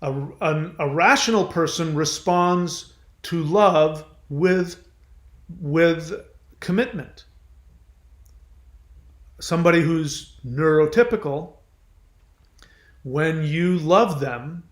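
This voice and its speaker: A man hosting a conversational advice monologue who slows down to stress key words. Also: fairly high pitch. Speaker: host. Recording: echoey room.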